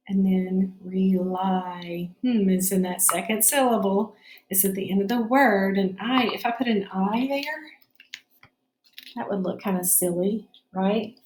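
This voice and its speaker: A woman's voice: mid-range voice, darkish tone, roomy sound, slight background noise. A woman teaching a phonics spelling lesson, explaining each step patiently.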